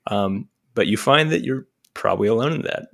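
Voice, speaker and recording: A man talking as a guest on a podcast in casual conversation, animated and quick to mimic other voices. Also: medium pitch, gravelly, a little hiss or hum.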